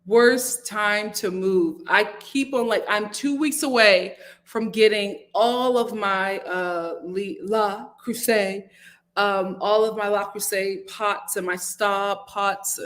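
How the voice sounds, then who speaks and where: A young adult woman hosting a live reality TV review from home, chatting animatedly and reading viewer comments aloud. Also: slow pace. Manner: chatty and animated, jumps to high-pitched exclamations and acted quotes. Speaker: host. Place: home room, lit by a window.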